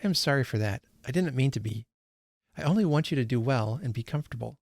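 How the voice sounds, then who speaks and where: A man reading aloud the lines of a gentle, sensible young woman who speaks quietly and frankly. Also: mid-range voice, fast, no echo, studio quality. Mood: calm. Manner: quiet, calm reasoning.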